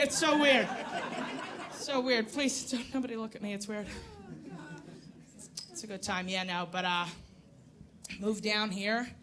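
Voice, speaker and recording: A woman's voice: high voice, background noise. A woman in her thirties from New York doing a crude, self-mocking stand-up set on a comedy club stage. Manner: brash, crude, self-mocking, loud put-on voices in bits.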